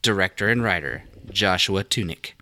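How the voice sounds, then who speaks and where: A man's voice: sits low, animated, moderate pace, bright, forceful tone, slight background noise. A man co-hosting a podcast in casual chat, dryly going along with the jokes and reading out details. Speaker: podcast co-host.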